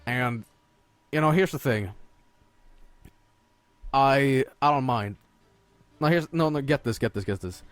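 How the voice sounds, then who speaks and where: A male streamer telling a long story in a profane, rambling rant full of restarts, getting loud and shrill when he is worked up. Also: a little slow, pauses often, dry recording. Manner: gets loud and high-pitched when worked up. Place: home streaming setup.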